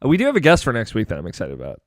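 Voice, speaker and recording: A man's voice: lowish voice, huge pitch swings, very fast, no echo, studio quality. A man hosting a gaming podcast, chatting casually and rambling with lots of fillers and restarts. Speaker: podcast host.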